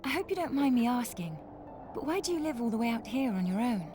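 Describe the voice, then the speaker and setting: A woman's voice: a little high, sing-song, fast talker, music in the background. An actress playing a young woman adventurer who asks questions with concern, in a game's voice acting. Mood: curious. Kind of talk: game voice acting.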